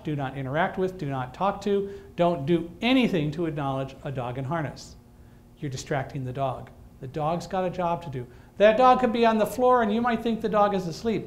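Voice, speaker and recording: A man giving a talk to an audience, telling a story in a lively way with dry humor and acting out the lines of people in it. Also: a little high. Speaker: guest speaker.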